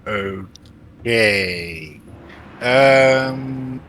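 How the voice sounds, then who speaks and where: A man's voice: medium pitch, extremely slow, a bit bright, a little hiss or hum. A man playing in a tabletop game who talks hesitantly, with many restarts. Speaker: player.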